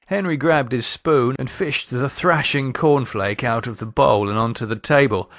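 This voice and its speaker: A man narrating an audio horror story in a lively, expressive storytelling manner. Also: medium pitch, moderate pace, few pauses, no room sound, clean studio sound.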